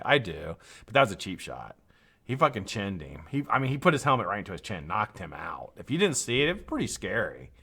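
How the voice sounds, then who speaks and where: A man's voice: fairly low pitch, bright, forceful tone, breathy edge. A tired, yawning man hosting a live stream, rambling casually with frequent swearing and laughter.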